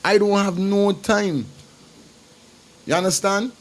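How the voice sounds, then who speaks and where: A man hosts a casual livestream, talking straight to his viewers. His voice sits a little higher than most men's. He drives each point home by saying it again and again. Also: sing-song, unhurried, pauses often. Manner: emphatic and repetitive, talks straight to viewers. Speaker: livestream host. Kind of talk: casual commentary.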